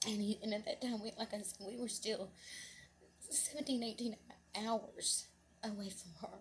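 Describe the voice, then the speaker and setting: A woman's voice: mid-range voice, steady tone, normal speed, a little hiss or hum. Earnest middle-aged woman telling a story. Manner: rambling, with many restarts and asides; earnest and emotional, voice rising when moved. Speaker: vlogger telling a personal story. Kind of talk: casual spoken storytelling.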